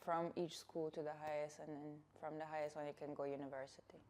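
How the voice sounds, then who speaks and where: Young woman from germany chatting in an interview, lively, slips into patois. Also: low-pitched, fast talker, a little hiss or hum. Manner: lively, laughing, mixes in patois. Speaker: guest artist. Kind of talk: casual interview chat.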